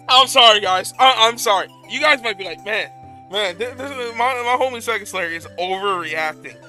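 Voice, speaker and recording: A young man streams a retro game and chats casually with his viewers. His voice sits high and sounds very bright, and he repeats himself when he gets anxious. Faint music plays underneath. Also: moderate pace. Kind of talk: casual live-stream chat.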